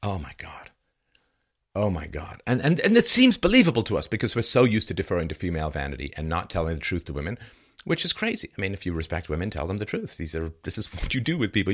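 A man's voice: deep voice, huge pitch swings, rapid-fire, a bit bright. A man giving an opinionated monologue, sarcastic and mocking, repeating points for emphasis. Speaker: commentator.

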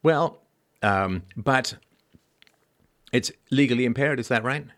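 A man's voice: mid-range voice, takes it slowly. A man hosting a commentary show, reading news reports aloud and breaking off into sarcastic, mocking asides. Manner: mocking, wry asides, swings from loud sarcasm to mumbled remarks. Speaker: podcast host.

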